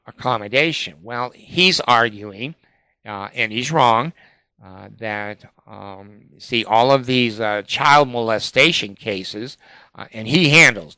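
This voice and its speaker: An older man telling a rambling, profane personal story with many fillers, and he jumps up in pitch when he quotes other people. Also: bright, forceful tone, clear, resonant tone, no echo. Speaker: vlogger telling of his legal dispute.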